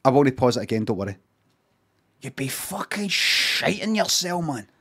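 A man's voice: medium pitch, very animated, moderate pace, sharp tone, breathy edge. A man, chatting casually and swearing while streaming reaction commentary. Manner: chatty, swearing, rambling asides.

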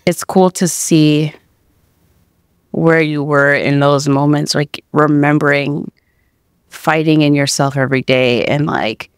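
A woman podcast host with a smooth, resonant voice talks slowly and deliberately. She reflects back on what her guest has shared and offers encouragement. The sound is dry and close. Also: low voice, steady tone, dry recording. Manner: reflective and encouraging, drawn-out phrasing. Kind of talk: casual interview chat.

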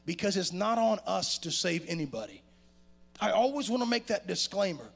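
A man delivers a sermon in a church with a gravelly edge to his voice. His pitch swings widely, climbing for emphasis and falling low for quieter points. His voice sits a touch higher than most men's. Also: moderate pace. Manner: animated preaching with sudden loud rises and quiet drops. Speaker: pastor. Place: church sanctuary.

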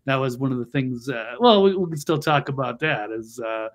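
A man's voice: mid-range voice, lively intonation, normal speed. A man hosting an opinionated political chat show who talks in a blunt, mocking way. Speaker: show host.

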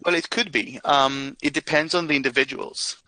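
A man's voice: mid-range voice, steady tone, normal speed, pushed and bright, dry recording, low-quality recording. A man answering viewer questions in a live webinar, explaining carefully with lots of hesitant fillers. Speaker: product expert answering questions.

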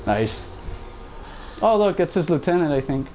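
A man's voice: on the high side, sing-song, unhurried. Jumpy young man narrating a horror game. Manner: jumpy, exclaims and chatters to viewers while playing. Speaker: gaming YouTuber. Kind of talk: let's play commentary.

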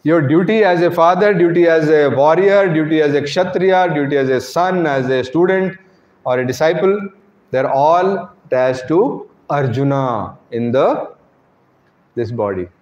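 A man's voice: a little high, unhurried, a little mellow. A man giving a devotional sermon to a congregation, posing rhetorical questions and often tagging on "right?". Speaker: preacher. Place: temple congregation hall. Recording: echoey hall, dull sound.

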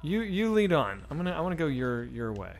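A fairly high, sing-song voice with vocal fry and a brisk pace comes from a man in his forties streaming a game. He's loose and profane, talking to chat, with a little hiss or hum in the audio.

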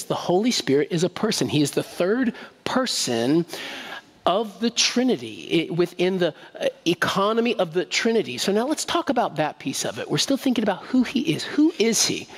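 A man preaching a sermon to his congregation in a relaxed, conversational way, often asking them questions and repeating key phrases. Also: high-pitched, husky. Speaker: pastor. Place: church sanctuary. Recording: long reverb of a church hall.

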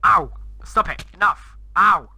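A man talks over his Minecraft gameplay in a high, sharply bright voice. He sounds flustered and rambling, and he often breaks into exclamations. Soft music sits faintly underneath. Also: lively intonation, takes it slowly, vocal fry, husky, poor audio. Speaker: gamer.

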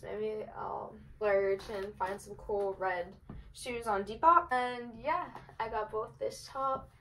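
Bubbly fast-talking young woman vlogger. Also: a little high, a bit bright, a little hiss or hum, poor audio. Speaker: fashion vlogger. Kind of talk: casual try-on haul chat.

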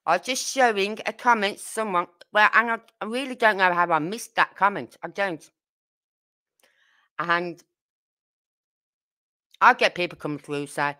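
With a clear, resonant, mid-range voice that's bright and forceful, a Brummie woman from Birmingham hosts a true crime livestream. She talks at a measured pace, pausing often, addressing viewers bluntly and indignantly in casual chat.

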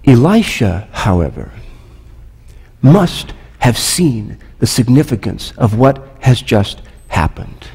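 A man's voice: mid-range voice, sing-song, takes it slowly, darkish tone, breathy edge, long reverb tail. A man pastor preaching a sermon, conversational, asking the listeners rhetorical questions. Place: church sanctuary.

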